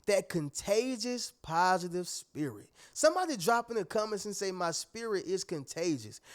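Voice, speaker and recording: High-voiced emphatic male motivational speaker. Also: clean tone. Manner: preachy, emphatic, keeps checking in with listeners. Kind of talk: motivational talk to viewers.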